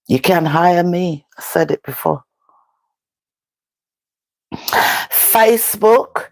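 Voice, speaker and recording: Jamaican woman vlogger, slow and emphatic, patois chat, dry close sound. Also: lowish voice, creaky, no echo. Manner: talks in patois, emphatic and rhetorical. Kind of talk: casual live-stream chat.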